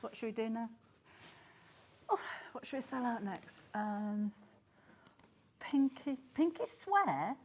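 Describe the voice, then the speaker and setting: A woman with a slightly high voice hosts a live TV shopping show. She is excitable, gasping and exclaiming as stock sells, and there is a faint noise in the background. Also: slow, long pauses. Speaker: shopping channel presenter. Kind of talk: live TV selling. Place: TV studio.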